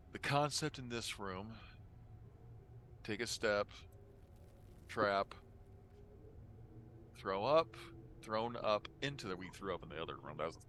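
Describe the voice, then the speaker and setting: In casual game-table talk, a man thinks aloud as he reasons through a puzzle in a tabletop game. His voice is low-pitched with a sharp tone, and there's slight background noise.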